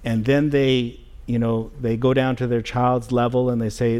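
A middle-aged man preaching a sermon as pastor in a church, earnest and halting, with many fillers and restarts. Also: medium pitch, level tone, darkish tone, clean tone. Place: church sanctuary.

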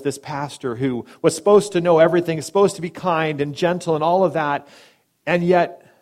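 A man preaching a sermon and telling a story, dramatic, swinging between loud emphatic lines and hushed soft ones, briefly acting out the people in it. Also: fairly high pitch. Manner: acts out quoted speakers in brief voices.

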